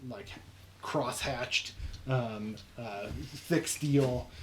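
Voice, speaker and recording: Halting male game master. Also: medium pitch, a bit bright, a little hiss or hum. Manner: halting, many fillers and restarts. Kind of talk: narrating a tabletop game.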